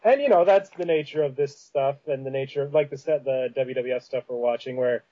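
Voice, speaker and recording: A man's voice: medium pitch, fairly quick, lo-fi sound. A man with a Canadian Prairies accent hosting a podcast in casual chat, rambling with many fillers and restarts. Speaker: podcast host.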